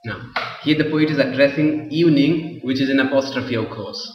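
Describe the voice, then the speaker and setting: A man teaching an English literature class, explaining slowly and often repeating himself. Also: medium pitch, slight background noise. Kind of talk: classroom lecture. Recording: roomy echo, far from the mic, dull lo-fi sound.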